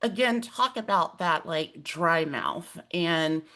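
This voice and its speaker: This woman has a slightly low voice and hosts a conversational webinar. She tells a personal story in an animated, emotional way with many fillers, and her voice rises and falls freely. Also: slow pace. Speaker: host.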